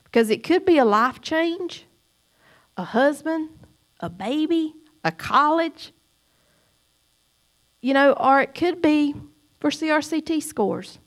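A middle-aged woman giving a church testimony, emphatic and preachy, swinging between loud cries and soft asides. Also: high-pitched, animated, slow pace, long pauses.

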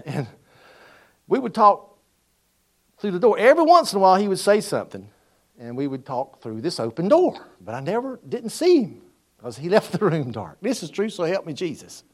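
A middle-aged man, preaching a sermon in a storytelling way that builds from quiet asides to loud, ringing appeals. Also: high voice, big pitch swings, moderate pace, husky. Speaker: pastor.

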